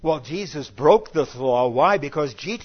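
Male preacher, somewhat high voice, dynamic sermon delivery from hushed to loud, dull lo-fi recording. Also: expressive, unhurried, breathy edge. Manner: swings between soft hushed lines and loud emphatic bursts.

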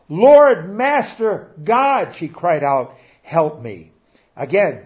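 A man preaching a sermon in an earnest manner, rising to emphatic peaks and dropping low. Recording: dull lo-fi recording.

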